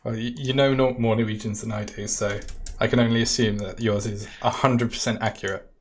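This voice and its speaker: British male product specialist, low voice, relaxed demo talk. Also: fairly quick. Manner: casual, talks through steps while clicking. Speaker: product specialist demoing software. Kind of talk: live-stream software tutorial Q&A.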